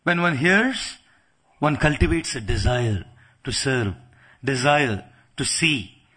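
A man's voice: mid-range voice, animated, slow, pushed and bright, slightly rough. A man preaching a sermon, telling stories and acting out quotes with playful asides. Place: lecture venue in the UK.

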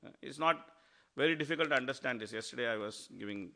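Man, animated devotional storyteller, bright forward tone. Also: fast talker. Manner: animated storytelling, acts out quotes with rising pitch. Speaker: speaker at a devotional class. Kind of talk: devotional talk.

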